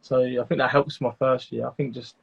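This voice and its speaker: A man's voice: mid-range voice, little pitch movement, brisk, creaky, slightly rough, highs cut off. A man talking as a guest in a casual chat, hesitant and full of fillers. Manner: hesitant, lots of fillers and restarts. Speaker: guest breeder.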